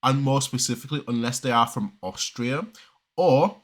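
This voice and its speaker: A man from southern Germany giving casual reaction commentary, talking fast and rambling with many restarts and pauses. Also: mid-range voice. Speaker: reaction video creator.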